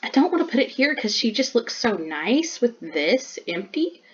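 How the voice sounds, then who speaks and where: A woman's voice: on the high side, sing-song, normal speed, lo-fi sound, slight background noise. A woman artist chatting casually while showing her sketchbook drawing, bubbly and full of "like" fillers.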